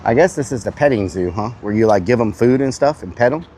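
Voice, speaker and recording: Fast and expressive, the man speaks at a medium pitch with a darkish tone, and a little hiss or hum runs under the recording. He's a livestream host at an outdoor petting zoo, chatting casually, goofily teasing the animals and bleating at them.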